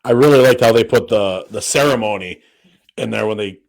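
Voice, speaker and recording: A man's voice: lowish voice, fairly quick, vocal fry. A man co-hosting a podcast, chatting casually in a rambling way with many fillers and restarts, and swearing freely. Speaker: podcast co-host. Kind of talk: casual chat.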